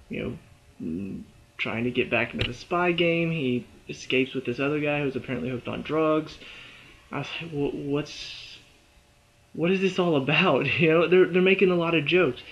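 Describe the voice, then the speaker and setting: A man giving a casual, animated spoken review of a TV episode, chatty and full of "you know" and "uh". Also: medium pitch, muffled recording.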